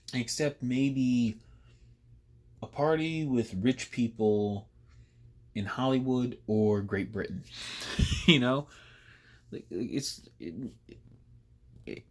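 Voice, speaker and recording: A man hosting casual political commentary, sarcastic and rambling with frequent restarts. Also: lowish voice.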